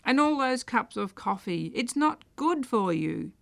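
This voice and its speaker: A woman voicing a brisk woman who bluntly lectures an indecisive man, with a gravelly but smooth voice. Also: on the high side, very animated, a bit bright, dry recording, voice pushed up, exaggerated voice. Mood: exasperated. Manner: bossy, exasperated commands.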